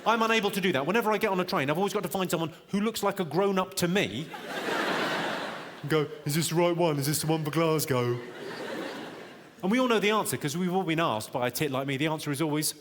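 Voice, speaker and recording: Dry comic on a theater stage. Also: male voice, high-pitched, noisy background. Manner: dry, quick-witted, teasing the audience. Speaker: stand-up comedian. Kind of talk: stand-up comedy with crowd work. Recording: reverberant hall, loud audience laughter.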